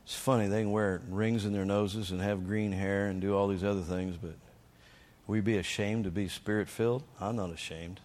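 Lower-pitched man preaching a lively testimony. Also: normal speed. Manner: energetic, emphatic storyteller who acts out shouted quotes. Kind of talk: sermon testimony storytelling.

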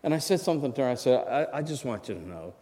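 A man's voice: mid-range voice, very animated, quick pace, mellow. A man in his sixties preaching a sermon and telling a personal story in a conversational way, now and then asking the congregation for an amen. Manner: conversational, asks the congregation for amens. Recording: long hall reverb.

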